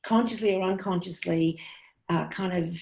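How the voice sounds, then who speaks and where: A woman's voice: on the low side, moderate pace, creaky, darkish tone. A woman comedian, teaching comedy writing in a chatty, frank way with many restarts. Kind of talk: casual talk to a class. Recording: roomy echo.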